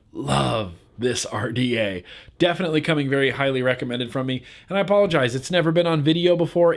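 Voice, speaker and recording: A young man hosting his own vlog in a casual, laid-back way, swearing offhandedly and laughing at viewer comments. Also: a little high. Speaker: vlog host.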